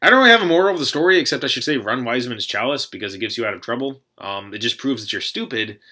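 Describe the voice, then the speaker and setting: A young man casually telling a rambling story to camera, animated, with lots of fillers and restarts. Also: mid-range voice, racing. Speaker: card game player recounting a tournament.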